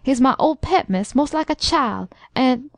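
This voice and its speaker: Casting: woman reader doing a very old, timid manservant in a storybook, stammering, higher voice, dry sound. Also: dry recording, close to an everyday voice. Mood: timid pleading. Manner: halting, stammering speech. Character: timid earnest very old male servant.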